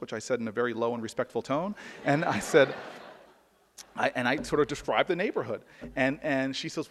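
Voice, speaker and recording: A man tells a personal story to an audience in an earnest, searching way, often stopping to restart his sentences. His voice sits at a middle pitch for a man. A long reverb from a large hall trails every phrase. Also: a little fast. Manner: earnest, with frequent restarts and repeated words. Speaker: public speaker.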